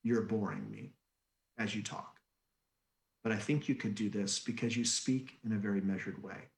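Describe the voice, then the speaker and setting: A man voicing a blunt, teasing male car sales manager in a slow, low voice. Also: steady tone, lightly acted. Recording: echoey room.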